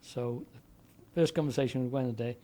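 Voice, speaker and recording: Older man with a dark, mellow voice. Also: mid-range voice, a little fast. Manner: rambling anecdotal delivery with frequent fillers and restarts. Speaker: guest, former DJ and broadcaster. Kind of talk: conversational storytelling.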